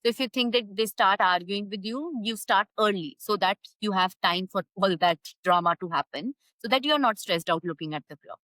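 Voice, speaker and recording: A woman's voice: medium pitch, normal speed, few pauses, sharp tone, no echo, rough recording. A woman, a parenting coach giving earnest, step-by-step advice as a podcast guest. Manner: firm, earnest, explains step by step.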